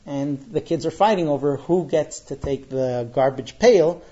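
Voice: medium pitch, unhurried, dull audio. An adult giving a parenting talk to a live audience, telling stories and acting out what people said. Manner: animated storyteller who acts out quotes. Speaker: parenting speaker.

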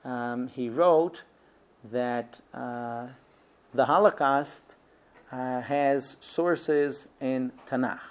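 A man giving a Torah lesson, telling a story with many ums and uhs. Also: medium pitch. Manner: hesitant, frequent ums and uhs. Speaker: Torah teacher. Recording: dull lo-fi recording.

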